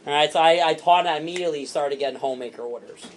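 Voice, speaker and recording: A man training a sales team, animated and repetitive, acting out what to say to customers. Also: a little high, slight background noise. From Italian heritage. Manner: animated, fast and repetitive, acts out customer lines.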